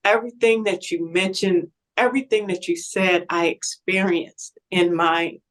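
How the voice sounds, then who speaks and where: A woman speaking on a panel as a patient, sharing her story in an earnest, halting way and often repeating words. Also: fairly low pitch, fairly even intonation, fairly bright tone, low-quality recording. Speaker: patient advocate. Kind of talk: panel discussion, personal testimony.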